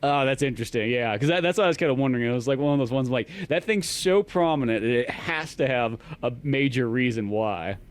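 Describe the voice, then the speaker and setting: Profane laughing podcast co-host. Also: male voice, medium pitch, animated, fairly quick, few pauses, smooth. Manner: profane, laughing, mimics characters loudly. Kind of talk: casual comic book discussion.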